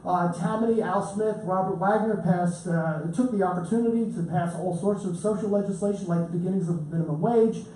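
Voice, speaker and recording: A man gives an informal, story-filled lecture about his book to an audience in a lecture room, chatty and joking, often restarting his sentences. His voice sits high and mellow, and he talks fairly quickly with few pauses. The recording sounds roomy from a distant mic, with faint ambience and a slight hiss or hum.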